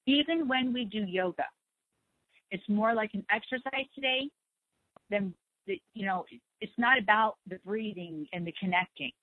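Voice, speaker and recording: A woman hosting a spiritual talk show, speaking slowly and gently, repeating herself to reassure listeners. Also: mid-range voice, no echo, phone-quality sound. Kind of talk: slow soothing talk on meditation and letting go.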